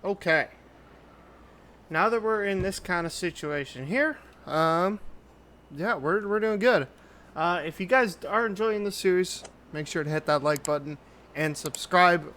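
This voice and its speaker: Unhurried man narrating his gameplay. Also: fairly high pitch, slight background noise. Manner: thinking aloud while building, relaxed. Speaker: gaming YouTuber. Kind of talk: casual let's-play commentary.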